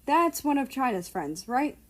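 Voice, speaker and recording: A woman voicing a calm, gently teasing young man in a fan-fiction audiobook reading. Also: sits high, a little slow, voice pushed up, heavily acted. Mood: curious.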